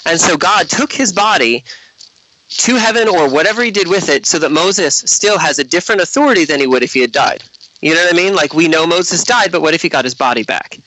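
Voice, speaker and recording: Male guest, higher forceful voice, passionate and argumentative. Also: no echo, low-quality recording. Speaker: guest author. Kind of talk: casual conversation.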